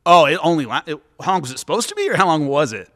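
A middle-aged former MMA fighter turned commentator, guesting on a casual podcast, speaks in a fairly high, rapid-fire voice. He tells stories animatedly and acts out the people he quotes, and the recording carries a long, echoey reverb.

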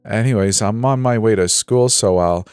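A young schoolboy, wary of a stranger and then pleading in fear, voiced by a male narrator. The voice sits a little higher than the narrator's own low voice, in a horror story told aloud. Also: normal speed, darkish tone, smooth, no echo, studio quality, soft background music, close to an everyday voice. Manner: suspicious, then frightened pleading.

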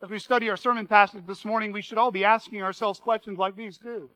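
A man's voice: high voice, fairly even intonation, fast talker, pushed and bright, dry recording, rough recording. A man preaching a sermon as pastor, earnest and reading quotations aloud with emphasis.

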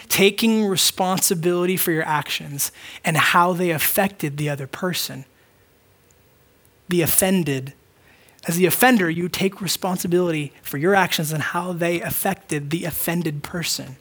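A man's voice: sits high, a bit bright. A man preaching a conversational sermon, acting out short quoted dialogues. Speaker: pastor.

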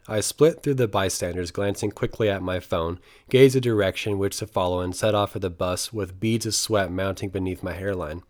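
A young man with a fairly low voice reads his own travel memoir aloud. He tells it in an earnest, reflective way. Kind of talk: memoir narration read aloud.

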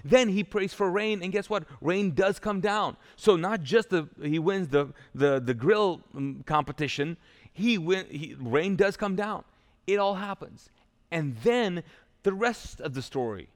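A man preaches a sermon in a loose, joking storytelling manner. His voice sits a bit higher than most men's. The sound is a live church recording, with a long reverb tail off the hall walls. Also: expressive, measured pace. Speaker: pastor.

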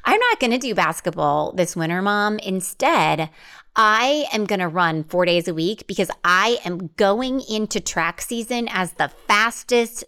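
This is a sulky twelve-year-old girl who sighs and grumbles in complaint, put on lightly by a woman quoting her daughter. The voice stays smooth and clear, and it sits at an ordinary pitch. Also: a bit bright. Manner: whiny, sighing complaints.

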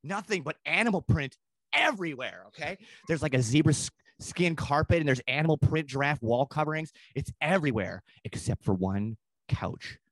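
A man who is a comedian guest on a podcast, telling a long comic story in a rambling, profane way and slipping into quick put-on voices. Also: on the high side, expressive, fairly bright tone, dry recording.

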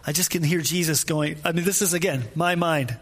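Man, high voice, preaching informally, repeats phrases, asks the room questions. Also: a little fast, a bit bright. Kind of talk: conversational sermon.

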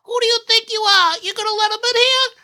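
A blustering police captain with a hammy gangster delivery, as a woman puts him on. The pitch sits far above her usual low voice, and each line lands as an accusation. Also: fast, pushed and bright, heavily acted. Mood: accusing. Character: blustering mobster-style police captain man.

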